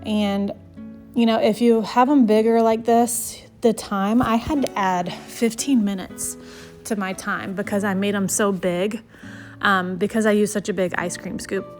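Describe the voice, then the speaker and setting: Young woman, mid-range pitch, slightly breathless, rambling, chatty, many ums, faint music behind. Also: fairly even intonation, unhurried, darkish tone. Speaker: vlogger, mother of six. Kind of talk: casual cooking voice-over.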